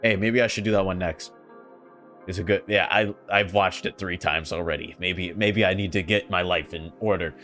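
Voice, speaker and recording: A man's voice: deep voice, steady tone, normal speed, bright, forceful tone, soft background music. A young man giving a casual, frustrated anime review, often swearing and exasperated.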